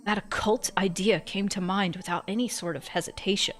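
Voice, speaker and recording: A woman's voice: fairly low pitch, fairly even intonation, fairly quick, hardly any pauses, slight background noise. A woman streamer narrating a visual novel in first person, reading expressively and breaking off for joking asides.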